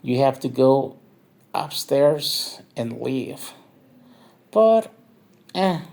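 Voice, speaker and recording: A man's voice: mid-range voice, creaky, a little mellow. A tipsy man from northern Mexico, rambling through a profane, filler-heavy nightlife story. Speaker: nightlife vlogger. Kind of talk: rambling drunk review monologue.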